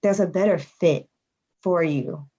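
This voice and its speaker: A woman's voice: on the low side, warm tone, slightly rough, lo-fi sound. A woman in her thirties, a podcast guest, talking candidly and reflectively in casual conversation. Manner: candid and reflective, with quick laughs.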